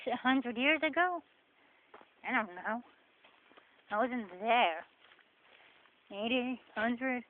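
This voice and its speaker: A woman with a New Jersey accent rambles in a chatty, sarcastic way as she walks a forest path. Her voice sits a little high, and it comes through a thin, phone-like recording with a faint hiss behind it. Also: slow pace, pauses often. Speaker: vlogger. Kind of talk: casual walking vlog commentary. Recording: tinny phone-like sound with faint noise.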